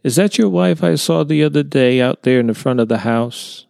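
A man's voice: mid-range voice, moderate pace, gravelly, darkish tone, no echo, clean studio sound, pitched above the performer's own voice, close to an everyday voice. A man voicing a genial Southern neighbor, a retired counselor, with a folksy drawl in a storybook reading.

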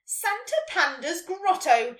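A woman voicing a rude, selfish male unicorn who yells his lines. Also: very high voice, sing-song, slow, pitched above the performer's own voice, heavily acted. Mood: rude shouting. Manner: loud, shouty. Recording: roomy echo, distant mic.

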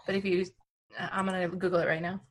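A woman's voice: fairly low pitch, little pitch movement. A woman co-host who talks bluntly and casually. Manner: blunt, quick. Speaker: podcast co-host. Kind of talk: casual conversation.

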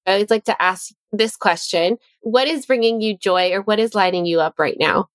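A woman hosts a podcast and affirms her guest before moving on to a question. Her voice is mid-pitched and the sound is dry and close. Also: normal speed, no room sound. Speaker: podcast host. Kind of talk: interview hosting.

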